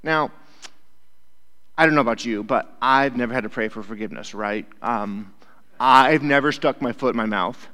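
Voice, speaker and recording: Chatty youth pastor in a reverberant hall. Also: male voice, mid-range voice, moderate pace, bright, forceful tone. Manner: conversational, keeps checking in with "right?". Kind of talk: casual sermon.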